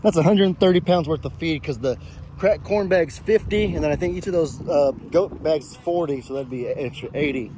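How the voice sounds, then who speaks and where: A man's voice: fairly high pitch, a little fast, noisy background. A man with a Texan accent, chatting casually on his farm vlog in an easygoing, rambling, folksy way. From Texas. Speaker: farm vlogger.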